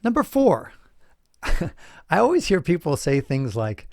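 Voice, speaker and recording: This podcast host is a middle-aged man whose fairly high voice swoops wildly in pitch as he talks slowly, pausing often. The studio-quality recording has no room sound. His explanations are casual and emphatic, with questions for listeners and an occasional chuckle.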